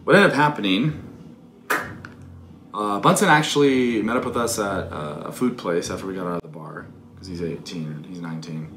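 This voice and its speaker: A man's voice: low-pitched, normal speed, fairly bright tone, soft background music. A man in his twenties telling a story in casual, profane, candid talk. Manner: profane, candid, self-critical. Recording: echoey room with background noise.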